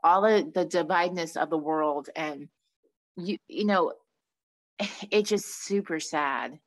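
Woman, low-pitched, emotional chatty podcast host. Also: slow pace. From Long Island, New York. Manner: emotional, animated storytelling with many restarts. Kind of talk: casual podcast chat.

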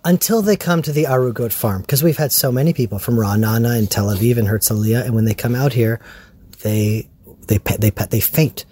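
A man's voice: medium pitch, brisk, warm tone, slightly rough. A man speaking as a guest on a podcast, passionate and emphatic, repeating his points for force. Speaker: farm owner, guest. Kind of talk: casual podcast conversation.

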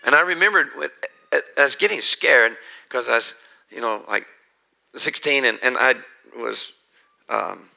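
Very gravelly, forceful preacher man. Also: medium pitch, a little slow, pauses often, low-quality recording. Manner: earnest storytelling, rising to emphatic. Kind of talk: personal testimony in a sermon.

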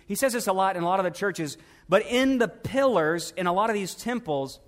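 A male pastor with a high-pitched voice delivers a sermon to his congregation. He talks to them directly with questions. His delivery rises to loud emphatic peaks, then sinks to a hushed, intimate near-whisper. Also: lively intonation, brisk.

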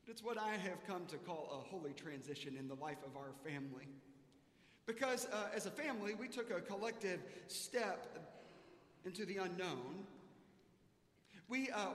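High-voiced storytelling pastor in a hall. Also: male voice, fairly bright tone. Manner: self-mocking storytelling. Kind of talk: sermon. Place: church sanctuary. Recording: echoey church hall.

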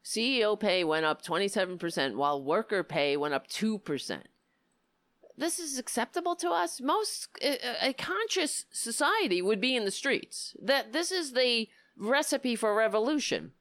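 A woman hosting a political talk show, giving impassioned, indignant commentary with a hoarse voice. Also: medium pitch, big pitch swings, normal speed, few pauses, no room sound. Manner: impassioned, indignant, rising to near-shouting.

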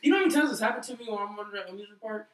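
A man's voice: high voice, very fast, slight background noise. A young man chatting casually and acting out quotes as he tells stories, recorded in a roomy space. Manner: animated storyteller, acts out quotes. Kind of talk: casual chat. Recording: roomy, from far off the mic.

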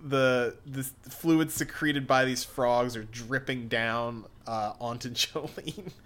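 A man's voice: mid-range voice, steady tone, takes it slowly, a bit bright. A man casually reading a comic aloud with a friend, rambling and giggling between lines. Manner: giggly, rambling, with many restarts. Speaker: co-reader.

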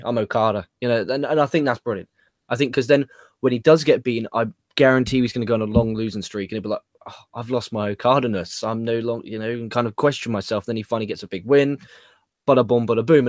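A man's voice: mid-range voice, no echo, clean studio sound. A man hosting a casual wrestling chat, who swears freely and laughs at his own jokes. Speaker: podcast host.

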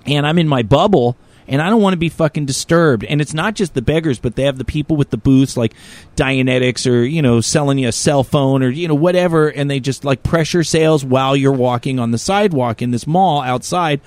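A man in casual chat, rambling through a story packed with fillers and swearing. He flares into heated, raised outbursts when quoting himself. His voice sits at an ordinary middle pitch and is recorded very dry and close. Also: fairly quick, darkish tone, dry recording.

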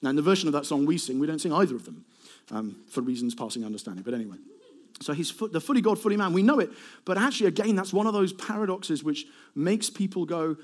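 A middle-aged male preacher giving a sermon, animated, asking rhetorical questions and swinging between loud emphasis and soft asides. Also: fairly high pitch, a little fast.

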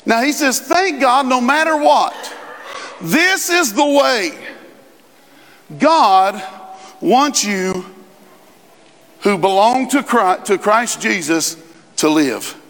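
A man delivers a sermon in a high, bright register. He talks to the congregation like a friend, slipping in quick asides and then pushing up into emphatic, rising lines. The sound carries a long reverb from a large church hall. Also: expressive. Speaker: pastor.

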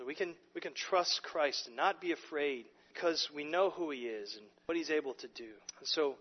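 Male pastor, fairly high voice, emphatic sermon delivery with restarts; muffled sound, long reverb. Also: moderate pace, breathy edge. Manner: emphatic preaching with frequent repeated words and restarts.

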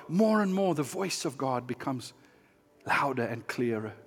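A man preaching a sermon as pastor, earnest and shifting between hushed and impassioned delivery. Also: medium pitch, animated, a little slow, slightly rough, in a large hall.

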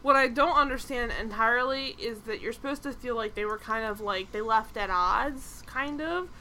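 A woman co-hosting a casual TV review podcast, chatty and animated, full of "like" fillers. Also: on the high side, normal speed, a little hiss or hum. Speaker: podcast co-host.

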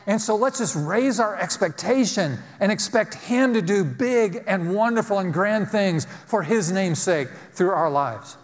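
A man's voice: sits high, animated, a little slow, few pauses. Emphatic male preacher in a reverberant hall. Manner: emphatic preaching with repeated phrases, ending in a quieter prayer. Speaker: pastor. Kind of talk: sermon. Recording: long reverb of a large hall.

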